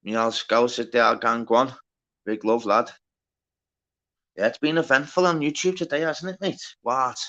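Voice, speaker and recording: A man's voice: medium pitch, fairly even intonation, normal speed, long pauses, pushed and bright, dull audio. A man hosting a casual livestream, reading out the chat, greeting viewers by name and bantering with plenty of swearing. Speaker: livestream host.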